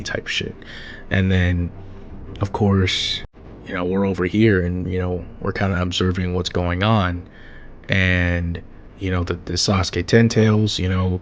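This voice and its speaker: A man's voice: low-pitched, steady tone, moderate pace, highs cut off. A man giving a casual, slangy manga chapter recap, full of fillers, who acts out the characters' lines as he goes. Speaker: manga commentator.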